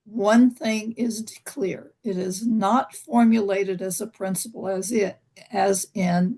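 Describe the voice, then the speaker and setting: Woman student reading aloud, slow and gravelly, halting over words. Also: medium pitch, fairly even intonation, warm tone, low-quality recording. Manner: careful, halting reading with restarts. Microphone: video call.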